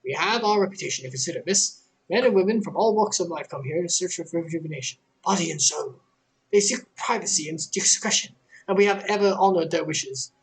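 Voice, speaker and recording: A man's voice: sits high, fairly quick, voice pushed up, low-quality recording. A man voicing a polite, guarded reception clerk in a video game, formal and apologetic.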